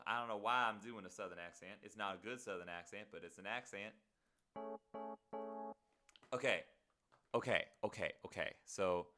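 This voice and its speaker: A man chats casually with his live-stream viewers while producing a song at home. His voice sits somewhat low yet comes across bright and tense. He mutters half to himself and throws in playful self-mocking asides. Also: lively intonation, normal speed, soft background music. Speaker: streamer making music.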